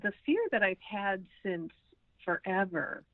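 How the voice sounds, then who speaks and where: A woman's voice: medium pitch, unhurried, no echo. A woman in her sixties, a podcast guest talking casually and hesitantly, with many ums and restarts. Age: 60s. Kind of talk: casual interview conversation. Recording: tinny phone line.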